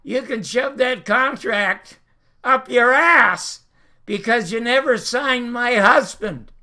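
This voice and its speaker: A man's voice: high voice, expressive, measured pace, sharp tone, full character voice. A man voicing a strong-willed woman comedian, speaking bluntly and firmly. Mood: defiant.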